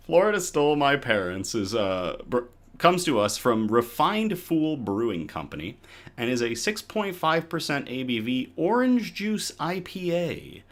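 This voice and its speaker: Chatty, animated male livestream host. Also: a little high, moderate pace. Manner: chatty, animated, self-deprecating asides. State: a little out of breath. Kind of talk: casual live-stream news show. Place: at home.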